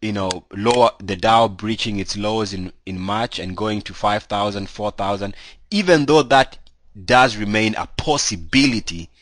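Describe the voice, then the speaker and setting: A man's voice: fairly low pitch, moderate pace, fairly bright tone, dry recording. A man with a cold, hosting a casual stock market commentary and talking through charts in a loose, conversational way full of fillers. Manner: conversational, loose with many "you know" fillers. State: has a cold. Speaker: stock market analyst host.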